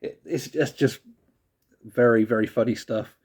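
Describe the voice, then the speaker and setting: A man's voice: medium pitch, fairly even intonation, unhurried, darkish tone, breathy edge. A man casually reviewing music tracks, laid-back and rambling, who laughs often and swears casually.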